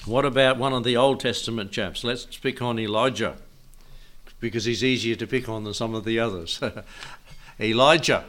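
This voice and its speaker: A man's voice: mid-range voice, fairly bright tone. An older man preaching a Bible teaching sermon in a folksy way, chuckling often and asking his listeners questions.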